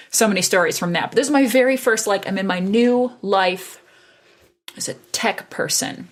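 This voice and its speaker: A woman, a podcast guest, telling workplace stories in a lively, animated way and acting out both sides of old phone calls. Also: mid-range voice, normal speed. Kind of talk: casual conversation.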